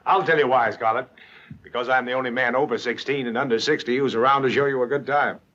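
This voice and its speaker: Guy doing a cynical smirking rogue gent, smooth and teasing, dull old 1930s movie audio. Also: medium pitch, steady tone, fast talker, fairly bright tone, natural voice. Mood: amused. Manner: teasing, smooth and self-assured. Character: cynical, wry, confident Southern gentleman rogue.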